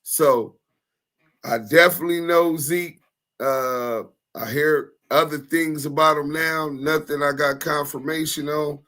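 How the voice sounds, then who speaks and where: A man co-hosting a casual talk show, with a voice pitched a bit higher than most men. He tells a story in loose street slang and slips into other people's voices to act out what they said. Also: a little slow. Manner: animated, slangy storyteller acting out quoted voices. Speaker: co-host.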